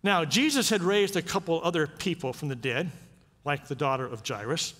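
A man's voice: a little high, moderate pace, a bit bright. A man preaching a sermon as pastor, talking in a conversational way with frequent rhetorical questions. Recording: long reverb of a church sanctuary.

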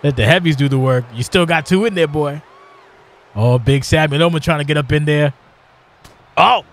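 A man hosting a live stream and calling a wrestling video game match play by play, animated and jokey, shouting at the big moves. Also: on the high side, normal speed, long pauses, noisy background. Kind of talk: excitable play-by-play game commentary.

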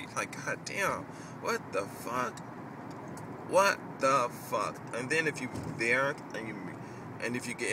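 Profane, rambling man by traffic. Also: on the low side. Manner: profane, rambling, animated storytelling. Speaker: vlogger. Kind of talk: casual rant.

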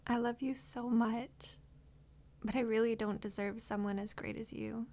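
A woman's voice: mid-range voice, level tone, fairly quick, gravelly, darkish tone, close to an everyday voice. A young woman voicing a reformed bad-girl girlfriend in an audio role-play, talking earnestly and close to tears. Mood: tender, earnest. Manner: earnest, emotional, near tears.

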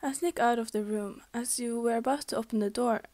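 A woman's voice: a little high, fairly quick, a little mellow. A young woman reading a fanfic aloud in a casual, amateur way, stumbling and restarting, sometimes slipping into a whisper. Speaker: fanfic reader.

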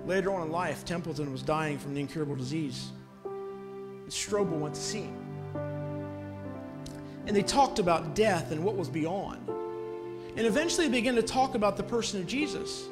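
A man's voice: high voice, lively intonation, moderate pace, pauses often, over loud music. A man preaching a sermon in a church, telling a story earnestly and pressing his listeners with urgent appeals.

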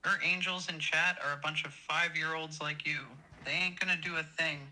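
A man's voice: on the high side, little pitch movement, moderate pace, very noisy, lightly acted. A synthetic male voice as a taunting AI chatbot. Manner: mocking, taunting insults. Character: rude insulting male AI chatbot clone.

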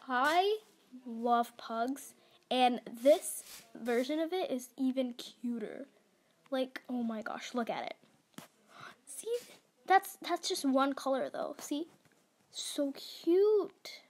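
A woman's voice: high voice, animated, slow. A young woman giving casual, giggly gameplay commentary, gushing and stumbling over words. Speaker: gaming vlogger.

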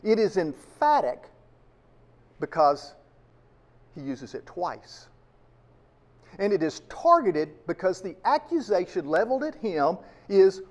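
A man's voice: high voice, sing-song, slow pace, long pauses. A man preaching a sermon to his congregation, emphatic and full of rhetorical questions. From United States. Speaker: pastor.

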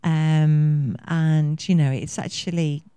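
A woman's voice: low voice, fairly even intonation, slow, dark tone, smooth, dry recording. Passionate woman in her fifties. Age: 50s. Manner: effusive and passionate, rambling with many fillers. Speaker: conference speaker. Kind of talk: conference talk. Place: conference venue.

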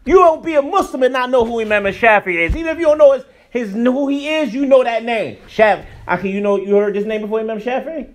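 A man's voice: extremely high pitch, fairly quick, few pauses. A man teaching a religious class in an emphatic, colloquial preaching manner. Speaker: Islamic teacher. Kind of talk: religious lesson.

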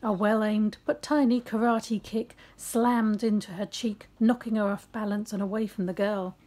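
A woman's voice: mid-range voice, steady tone, normal speed, warm tone. A middle-aged woman reading aloud a story she wrote and breaking off for chatty asides, recorded in her home office.

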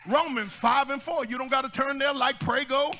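A man preaching an energetic church sermon, calling out to the congregation and rising into shouts as he jokes and exhorts. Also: very high-pitched, moderate pace, a little hiss or hum. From United States. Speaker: pastor.

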